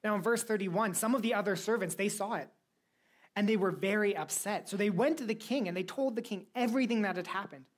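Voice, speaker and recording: A woman preaching a sermon in an animated, conversational way, mixing scripture with casual slang. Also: mid-range voice, brisk.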